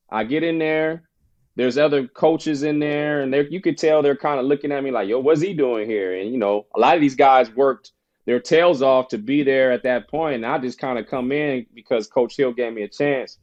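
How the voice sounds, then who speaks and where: Male podcast guest, animated storyteller doing other people's voices, mid pitch, somewhat lo-fi. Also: moderate pace. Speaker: podcast guest, former basketball player. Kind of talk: casual storytelling interview.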